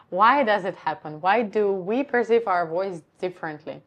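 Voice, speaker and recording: A woman voice coach giving a live-streamed lesson on how the voice works, explaining calmly and step by step. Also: mid-range voice, normal speed, few pauses.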